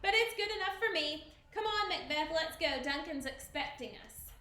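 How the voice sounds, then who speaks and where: A woman's voice: very high voice, animated, moderate pace, sharp tone, roomy sound, exaggerated voice. A woman reading a cheerful warrior friend. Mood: light. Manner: light, joking delivery.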